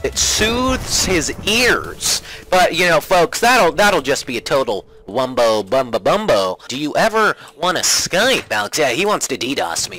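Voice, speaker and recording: A young man commentating a player-versus-player game in a mock-polite, family-friendly showman manner, yelping and shouting when things go wrong. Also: a little high, big pitch swings, measured pace, soft background music, poor audio. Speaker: gaming commentator. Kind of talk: Minecraft PvP let's play commentary.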